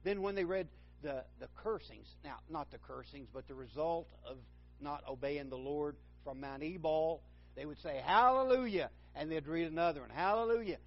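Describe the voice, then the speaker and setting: A man's voice: on the high side, normal speed, highs cut off. A man preaching a sermon, rambling and correcting himself, then building to fervent emphasis.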